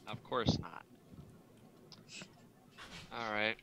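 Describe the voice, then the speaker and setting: A man's voice: on the low side, steady tone, very slow, fairly bright tone, a little hiss or hum, poor audio. A man playing a character in a tabletop game over a video call, with dry, wry asides. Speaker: player.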